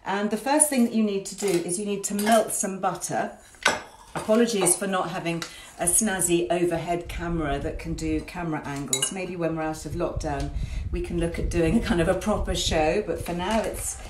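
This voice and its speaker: A chatty woman hosts a home cooking demo in her farmhouse kitchen, her voice sitting low for a woman. The room is roomy and echoey, with a faint hum of noise behind her. She talks casually and cheerfully, full of friendly asides. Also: moderate pace. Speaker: cooking show host.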